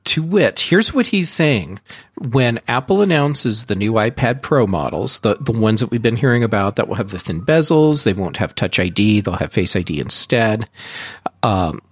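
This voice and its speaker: Give me a teasing male podcast host with a slightly husky, dry-sounding voice. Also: fairly low pitch, normal speed, no echo. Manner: teasing, animated. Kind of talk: casual tech podcast chat.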